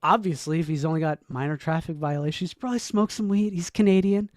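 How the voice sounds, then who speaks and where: A man's voice: on the high side, quick pace, no echo. Rambling joking man, dry close sound. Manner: rambling, joking, swings from mumbles to loud whoops; frequent restarts and laughs, profane. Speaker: streamer reacting to a video. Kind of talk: casual reaction commentary.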